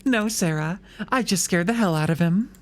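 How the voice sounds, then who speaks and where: A woman voicing a cynical, sharp-tongued woman lawyer with a dark streak in a live visual novel reading, dry and self-assured. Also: on the low side, normal speed, slight background noise, close to an everyday voice. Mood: menacing.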